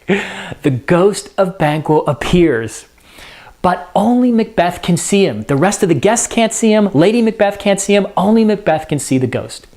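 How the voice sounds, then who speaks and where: A man casually retelling and explaining a story as a lesson, conversational and animated with filler words. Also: sits high, moderate pace. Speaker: teacher.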